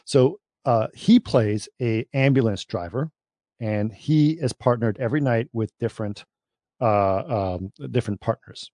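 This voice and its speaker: A man co-hosting a casual podcast chat, telling a rambling anecdote and getting animated when he quotes people. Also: mid-range voice, a little slow, no echo, clean studio sound. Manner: rambling storyteller, animated when quoting others. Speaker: podcast co-host.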